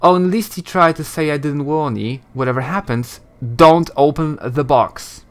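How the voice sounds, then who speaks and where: A man's voice: fairly high pitch, normal speed, pitched above the performer's own voice, close to an everyday voice. A man voicing a grimy, shifty male beggar who talks with an old-timey rustic brogue, saying "ye" and "me". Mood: urgent.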